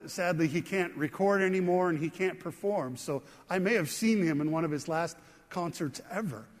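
High-voiced pastor in a reverberant hall. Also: male voice. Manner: conversational, joking asides. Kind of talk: sermon. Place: empty sanctuary, no audience.

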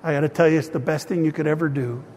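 A man's voice: fairly high pitch, fairly even intonation, rapid-fire, darkish tone, slight background noise. A man preaching and praying as pastor, earnest and still emotional, speaking of grief and peace. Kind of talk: sermon with prayer. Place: church hall. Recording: long hall reverb.

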